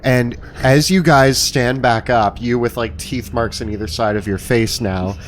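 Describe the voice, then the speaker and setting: A man running a tabletop game as game master, with measured, descriptive narration. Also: mid-range voice, fairly even intonation, faint music behind.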